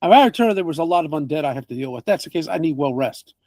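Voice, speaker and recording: A man's voice: fairly high pitch, lively intonation, very fast, darkish tone, no room sound, clean studio sound. A man voicing a snobbish, blunt male city priest who is reluctant and demanding, with a haughty, entitled manner.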